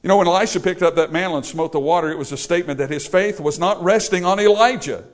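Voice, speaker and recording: A man's voice: high voice, quick pace. A man preaching a sermon, storytelling and acting out the people he quotes. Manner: animated, acts out quoted voices.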